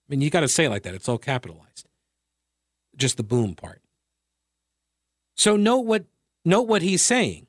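A man's voice: big pitch swings, unhurried, long pauses, no room sound, studio quality. A man hosting a radio talk show, delivering a sarcastic solo monologue with mocking asides. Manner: sarcastic, mocking asides, wide pitch swings.

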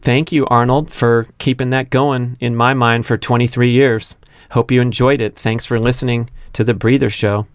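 Man, podcast host, casual solo monologue, chatty, fillers, mid-pitched, dry sound. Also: level tone, moderate pace, clean tone, dry recording. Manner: chatty, with frequent fillers and amused asides.

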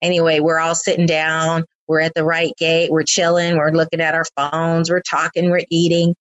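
A woman with a low voice leads a loose, chatty conversation, wandering through her thoughts with plenty of fillers and restarts. She sounds playful and easygoing, recorded close and dry with no room sound. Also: completely flat delivery, moderate pace, no echo, lo-fi sound. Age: older than the young dancers. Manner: rambling, warm, many fillers and restarts, playful. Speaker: host and dance team leader. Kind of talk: casual conversation.

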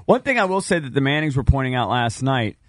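A man's voice: mid-range voice, fast talker, no echo, clean studio sound. A man chatting casually about football as a show host, talking over others. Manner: animated, talks over others. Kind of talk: casual sports chat.

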